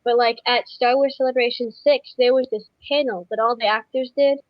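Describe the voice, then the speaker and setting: A woman chatting on a podcast, eager and explanatory. Her voice is a little high. The sound is dry and somewhat dull. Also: fairly even intonation, fairly quick, dry recording. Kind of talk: casual podcast chat.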